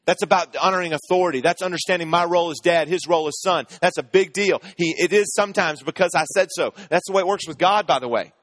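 A man's voice: high voice, quick pace, hardly any pauses, fairly bright tone, dry recording. A man in his thirties preaching a sermon, telling family stories in a conversational, humorous way and asking the audience questions. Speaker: pastor.

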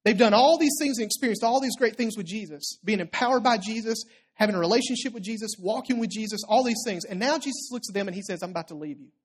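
A preacher giving a sermon in a conversational storytelling way, often checking in with the listeners and dropping low and quiet for quoted lines. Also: fast talker, slightly rough.

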